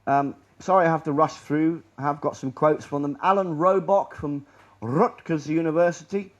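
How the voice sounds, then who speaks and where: A man giving a public presentation in a lecture room, rambling and sardonic, often trailing off quietly. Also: a little high, moderate pace, highs cut off.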